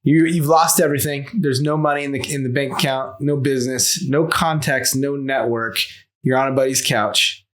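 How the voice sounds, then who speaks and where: A man co-hosting a podcast, asking questions in a loose, relaxed interview manner. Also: medium pitch, normal speed. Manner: relaxed, loose, with repeated restarts. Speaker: podcast co-host.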